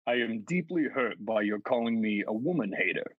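A man reading a letter aloud while voicing a menacing, unhinged male killer who taunts police, slow and drawn out with sudden shouts. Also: mid-range voice, lively intonation, slightly rough, no echo. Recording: slightly dull, dry recording.

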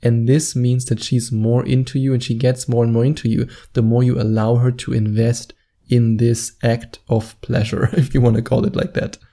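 A man's voice: medium pitch, little pitch movement, normal speed, creaky, warm tone. A man giving dating advice straight to camera in a confident, instructive way, stretching words out for emphasis. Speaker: dating coach. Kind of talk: direct-to-camera advice monologue.

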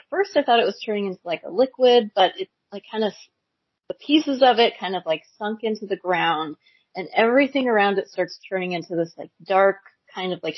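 Woman, husky, dry close sound, casual podcast chat, animated, filler-heavy. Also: mid-range voice, no room sound, highs cut off. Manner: animated, laughing, many likes and ums. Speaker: podcast co-host. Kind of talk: casual chat recapping a cartoon.

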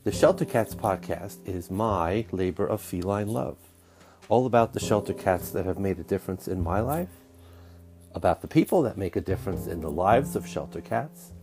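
A man's voice: fairly low pitch, creaky. A man hosting a podcast, talking in a chatty, enthusiastic, rambling way, his voice scratchy from a stomach bug. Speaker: podcast host. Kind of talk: casual podcast intro.

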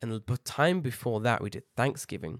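A man co-hosts a podcast in casual chat, rambling, swearing a lot and telling stories in an animated way. His voice is medium-pitched and brisk, recorded with clean studio sound and no room sound.

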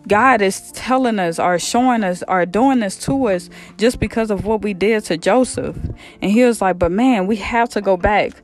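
A man retelling a Bible story in a casual, lively way, acting out the characters' lines in slang and repeating himself as he goes. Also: sits high. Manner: animated, acts out quotes in slang, repeats himself. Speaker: podcast storyteller.

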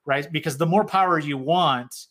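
A payroll software company representative, a man with a fairly high, fairly bright voice, speaks at normal speed. He chats loosely about accounting work in a casual business conversation, using lots of "like" and "right?" fillers.

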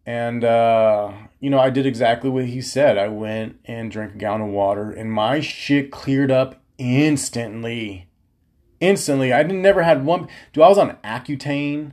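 Podcast host, male, 30s, mid-pitched, loose profane storyteller. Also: normal speed. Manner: profane, animated, slangy storytelling. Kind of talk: casual storytelling monologue.

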